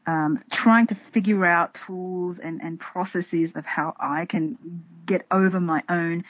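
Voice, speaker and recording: A slightly low, husky woman talking as a podcast guest, animated, often restarting and repeating her words. The sound is dry and a bit dull, like a lo-fi close mic. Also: no room sound. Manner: animated, acts out her inner voices in a higher tone. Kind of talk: casual interview talk.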